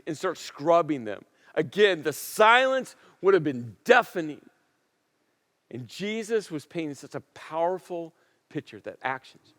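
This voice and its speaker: A male pastor delivering a sermon in a storytelling way, with emphatic repetition and dramatic pauses. His voice sits a little high for a man. It rings out through a church auditorium with a long reverb tail. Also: sing-song, a bit bright.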